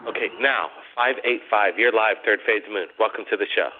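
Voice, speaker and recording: A man's voice: fairly low pitch, brisk. A man hosting a call-in radio show, chatting casually and rambling, repeating his questions to callers. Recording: tinny phone-like audio.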